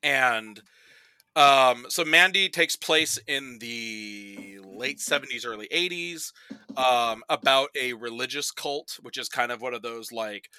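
A man chatting casually on a podcast as a guest, animated and rambling, packing his talk with "like" and quick put-on voices for the people he quotes. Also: mid-range voice, clear, resonant tone, no echo. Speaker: podcast guest presenting a movie bracket.

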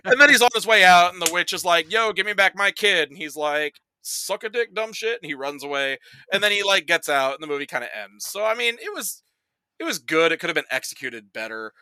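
A man's voice: on the high side, sing-song, fast talker, pushed and bright, smooth, dry recording. A man on a casual podcast, recapping movies in a rambling, profane way, full of "like" and acted-out quotes. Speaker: podcast guest reviewing movies.

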